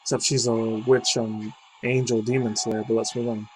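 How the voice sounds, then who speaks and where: A man's voice: medium pitch, level tone, normal speed, slight background noise, rough recording. A man casually reading out a gaming news article, breaking off into rambling, slangy asides. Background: faint game music.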